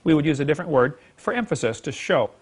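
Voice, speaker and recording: A man's voice: a little high, lively intonation, quick pace, husky. A man teaching a Bible class to a live audience, folksy and emphatic, chuckling as he acts out quoted speech.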